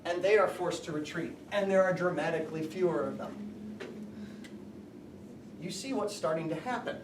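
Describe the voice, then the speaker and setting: Male teacher lecturing, high-pitched, picked up from across an echoey classroom. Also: moderate pace, distant mic, noisy background. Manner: explanatory, asks the class questions. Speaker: high school history teacher.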